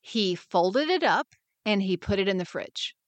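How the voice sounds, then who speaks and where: Woman podcast host, mid-pitched, encouraging and upbeat, dry close-mic sound. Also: expressive, measured pace, no echo. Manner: upbeat, encouraging, acts out quoted voices. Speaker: podcast host and wellness mentor. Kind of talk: scripted podcast monologue.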